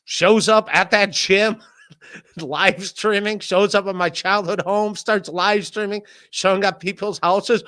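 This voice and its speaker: A man hosting a podcast, rambling in a casual solo rant, swearing, laughing often and mock-shouting the people he quotes. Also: sits high, fairly even intonation, takes it slowly. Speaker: podcast host.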